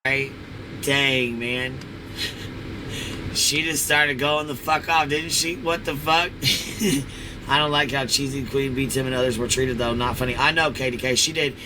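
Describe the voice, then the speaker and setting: A man co-hosting a live stream, reacting in an excitable way with lots of swearing and laughs. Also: mid-range voice, unhurried, noisy background. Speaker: co-host.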